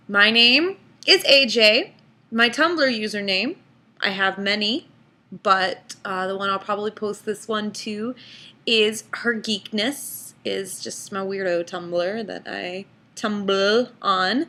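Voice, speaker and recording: A woman's voice: mid-range voice, expressive, pushed and bright. A young woman from Texas, chatting casually to camera in a self-mocking vlog. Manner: chatty, self-mocking, drawn-out word reading. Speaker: vlogger.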